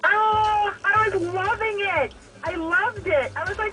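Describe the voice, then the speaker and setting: A woman's voice: very high-pitched, slow, distant mic, over loud music, rough recording. A middle-aged woman calling in on the phone from her car, chatting on a radio show in a bubbly, giggly, self-mocking way. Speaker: caller. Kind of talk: casual chat on a radio show.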